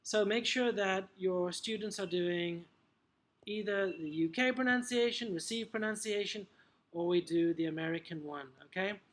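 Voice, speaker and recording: A man's voice: high-pitched, fairly bright tone. A man, an English teacher trainer, explaining classroom methods in a chatty tutorial, often checking in with "okay?" and punchy asides.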